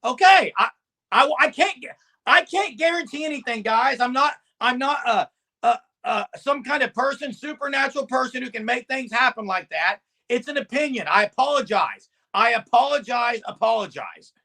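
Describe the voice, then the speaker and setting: Man, co-host, high voice, loud and emphatic, casual sports chat. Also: animated, moderate pace, creaky. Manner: loud, emphatic, at times yelling. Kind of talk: casual sports talk on a live stream.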